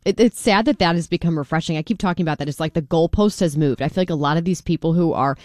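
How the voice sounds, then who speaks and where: A woman's voice: deep voice, fast talker, a little mellow, dry recording, studio quality. A woman co-hosting a talk radio show, chatting casually and opinionated.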